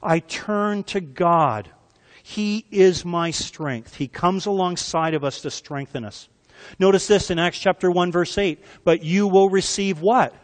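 A man's voice: high voice, a little slow, long reverb tail. A male pastor preaching a sermon, emphatic and asking the congregation questions as he goes.

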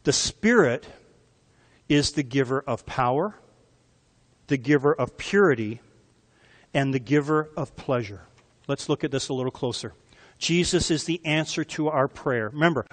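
A male pastor delivers an emphatic sermon in a church sanctuary, his voice sitting a little high for a man. He keeps turning questions back to the congregation to draw them in. A long reverb trails each phrase through the hall.

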